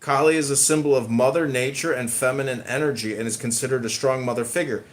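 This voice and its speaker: A man of medium pitch lays out a conspiracy theory in an earnest, insistent tone. He partly reads from a text. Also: fairly even intonation, fast. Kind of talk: conspiracy talk, reading aloud.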